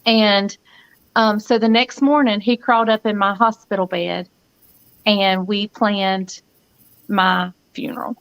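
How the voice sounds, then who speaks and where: A woman's voice: medium pitch, steady tone, a little slow, clear, resonant tone, low-quality recording. A woman in her fifties with a Southern US accent, giving an earnest personal testimony as a guest and acting out the voices she quotes. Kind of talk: personal testimony in a live chat.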